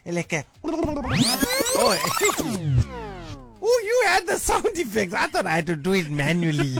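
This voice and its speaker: A man's voice: high-pitched, huge pitch swings, takes it slowly, over music, heavily acted. A man voicing a gossipy middle-aged female agony aunt, giggly and theatrical, in a radio comedy sketch. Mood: gushing. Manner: dramatic, giggly, swooping theatrical delivery.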